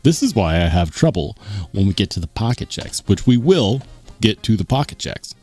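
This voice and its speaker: A man's voice: lowish voice, big pitch swings, normal speed, darkish tone, soft background music. A man hosting a live stream in casual chat, reading viewer comments aloud and reacting in an upbeat, rambling way. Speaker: livestream host.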